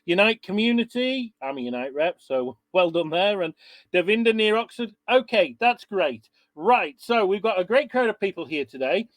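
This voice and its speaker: Guy with a fairly high voice hosting an online webinar, chatty and easygoing, dry close sound on a video call. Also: lively intonation, moderate pace, no room sound. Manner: chatty and informal, reading out attendees. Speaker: webinar host.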